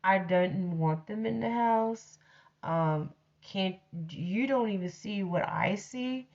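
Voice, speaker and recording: Woman ranting thru a story real slow, cussing a lot, kinda muffled lo-fi sound. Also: medium pitch, darkish tone. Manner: blunt, profane, ranting. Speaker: storyteller host. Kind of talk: casual storytelling monologue.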